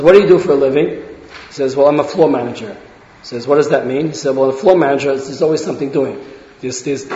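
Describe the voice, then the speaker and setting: A man's voice: fairly high pitch, darkish tone. A man giving an informal lecture full of anecdotes, asking rhetorical questions, stumbling into restarts and often tagging lines with "right?". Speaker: religious parenting lecturer. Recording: echoey hall, dull lo-fi sound.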